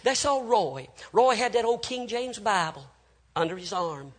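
High-voiced preacher telling a dramatic story. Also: male voice, very animated, unhurried. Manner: swings from hushed whispers to loud cries; acts out the people in the story.

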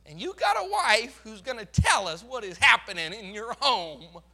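Fervent bright-voiced male preacher. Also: high-pitched, big pitch swings, normal speed. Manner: fervent, emphatic, swings from loud to hushed. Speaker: pastor. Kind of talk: sermon.

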